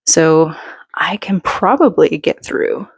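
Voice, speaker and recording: A woman's voice: low-pitched, animated, slow pace, husky, dry recording, clean studio sound. A woman in her thirties, a little out of breath, chatting in a rambling, self-deprecating way from her bedroom floor. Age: 30s. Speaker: book vlogger. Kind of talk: casual chat.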